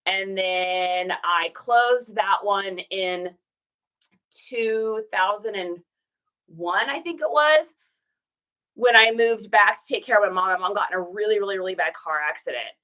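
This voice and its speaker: A bright, forceful woman in her forties, stuffed up from a cold, rambles in an easy casual way while she packs orders. She is from Washington State and drifts from thought to thought, leaning on filler words as she chats to her viewers. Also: medium pitch, measured pace, rough recording. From Washington State, USA. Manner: rambling and chatty, full of "like" and "situation". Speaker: reseller vlogger. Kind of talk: casual vlog chat.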